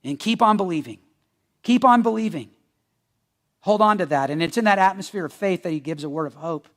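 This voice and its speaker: A male pastor preaching a sermon in a conversational, joking style, swinging between loud bursts and hushed near-whispers. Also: high voice, animated, fairly quick. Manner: joking asides. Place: church.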